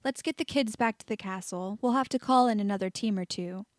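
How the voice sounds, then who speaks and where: A woman's voice: mid-range voice, a little fast, no echo, studio quality, lightly acted. A woman reading the part of a stern female Auror squad leader who gives curt commands.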